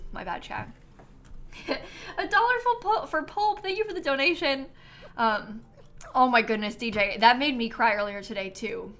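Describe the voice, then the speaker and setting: A young woman with a slightly high, somewhat bright voice is live-streaming a game. Chatty and self-mocking, she reads donations aloud, talks casually with her chat, and laughs often.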